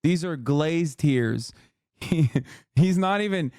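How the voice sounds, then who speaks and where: A man's voice: fairly high pitch, lively intonation, takes it slowly, dark tone, no echo, studio quality. A man doing livestream reaction commentary, talking in a brash, mocking and crude way. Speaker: streamer reacting to news clips.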